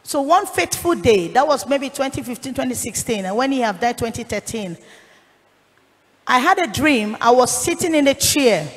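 A woman evangelist, giving an emotional testimony that rises to shouting. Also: high-pitched, in a large hall. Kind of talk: sermon testimony.

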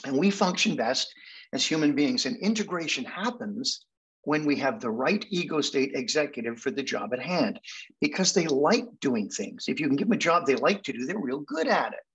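Older man, 70s, Canadian accent, husky voice, wry storyteller guest speaker. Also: on the high side, expressive, moderate pace, a bit bright, lo-fi sound. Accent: Canadian English. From England. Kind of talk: storytelling talk.

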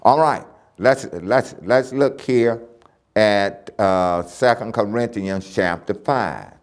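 A man's voice: on the low side, slow pace. A man teaching a church Bible lesson, emphatic and repeating key phrases as he reads scripture aloud.

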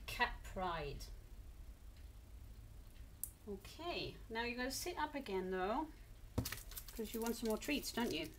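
A woman's voice: a little high, sing-song, slow, long pauses, slight background noise. A woman from England coaxing her cat into posing for photos, cooing and encouraging it along. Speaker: pet owner filming her cat. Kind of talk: coaxing talk to a pet.

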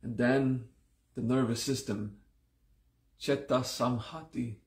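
Slow, gravelly man teaching a class. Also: mid-range voice, fairly even intonation, darkish tone, roomy sound. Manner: slow and deliberate, repeating terms several times; just woken up, groggy. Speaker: yoga teacher. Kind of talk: live-streamed class teaching.

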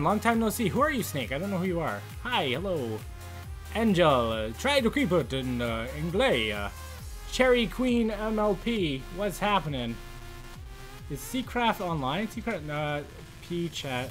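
A man's voice: fairly high pitch, fairly bright tone. A young man, live streaming a game and chatting casually with viewers, greeting and teasing them as he reads the chat. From Canada.

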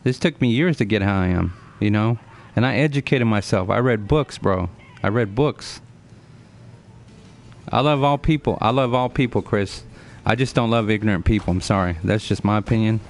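Earnest streamer man in his forties, lowish voice. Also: normal speed. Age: 40s. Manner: earnest, lecturing, repeats himself, addresses chat by name. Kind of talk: casual live-stream chat.

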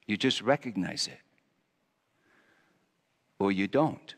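A male pastor preaching a dramatic first-person monologue, speaking in character as a Roman governor with a theatrical, halting delivery. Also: on the low side, lively intonation, a bit bright, slightly rough. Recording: long reverb of a large hall.

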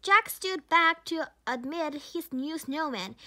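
A woman's voice: high voice, animated, takes it slowly, sharp tone. A woman with a Korean accent, a native Korean speaker, reading a children's storybook aloud carefully, with small slips and restarts.

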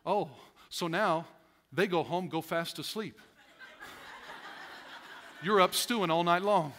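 A male pastor preaching a sermon, animated, laughing often and acting out the voices of stressed people. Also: high voice, takes it slowly, a little hiss or hum. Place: church sanctuary.

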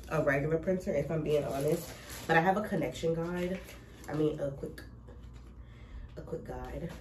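Teary woman rambling through an unboxing, low voice, echoey room, mic kinda far, noisy. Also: darkish tone. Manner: emotional, gushing, rambling with restarts. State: teary, close to crying. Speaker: vlogger unboxing a label printer. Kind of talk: casual chat to camera. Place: cluttered home recording room.

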